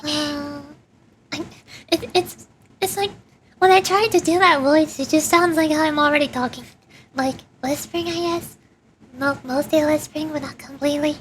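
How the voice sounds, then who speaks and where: Giggly high pitched girl streaming a game, rambly casual chat. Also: steady tone, moderate pace, fairly bright tone, a little hiss or hum.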